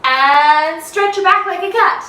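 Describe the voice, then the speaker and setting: A woman's voice: very high voice, a little slow, sharp tone, roomy sound, far from the mic, poor audio. A young woman leading a children's yoga lesson, playful and sing-song, making animal sounds as she teaches.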